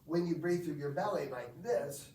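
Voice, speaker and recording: A man's voice: fairly high pitch, normal speed, darkish tone, a little hiss or hum. A man instructing a group in breathwork, explaining and asking the group questions. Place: gym or team room. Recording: echoey room, from far off.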